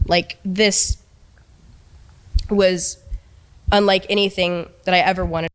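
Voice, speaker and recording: A young woman recounting a painful personal experience in a halting, hesitant way, with many restarts. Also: lowish voice, flat delivery, clean tone. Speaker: person telling her story in an interview. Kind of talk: emotional personal account.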